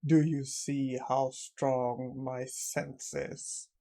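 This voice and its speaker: Boastful kobold monster lord read by a man, flat, slow, mellow tone; storybook recap figure. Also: medium pitch, gravelly.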